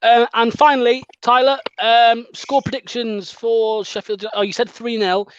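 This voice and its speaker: A man's voice: very high-pitched, flat delivery, unhurried, clean tone. A man hosting a fan channel's live stream in casual, chatty conversation, laughing often. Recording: dull lo-fi dry stream audio.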